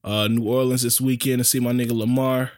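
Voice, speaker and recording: A man co-hosting a podcast, telling stories in relaxed slang-heavy casual chat. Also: medium pitch, a little fast, no room sound, studio quality. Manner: laid-back slang-heavy storytelling. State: recovering from being sick. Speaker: podcast co-host.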